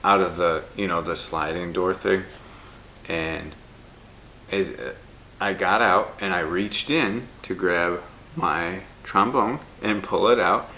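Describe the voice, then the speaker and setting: A young man, a YouTube creator on a couch at home, chatting casually with his wife and telling an animated story. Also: low voice, takes it slowly. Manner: rambling storyteller, animated when retelling. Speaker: YouTuber, co-host. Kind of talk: casual couple Q&A chat. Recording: echoey room, faint background hiss.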